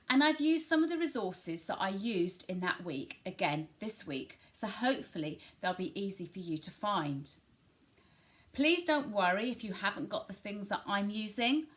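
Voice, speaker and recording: A woman from England gives parents an early language lesson, recorded at home. She speaks in a calm, reassuring way and slows down to lean hard on each word she wants them to repeat. Her pitch is in the ordinary middle range. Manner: slow, exaggerated emphasis on key words as she models them; gentle, reassuring instructions to parents. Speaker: family centre early language practitioner.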